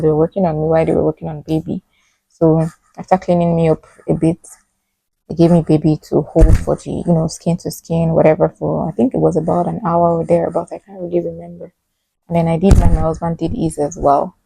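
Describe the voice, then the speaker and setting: A young woman with a Nigerian accent, chatting casually as she tells a vlog story with lively, animated asides. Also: sits low, creaky, no echo, rough recording. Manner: chatty, animated retelling with frequent fillers. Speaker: vlogger telling her birth story.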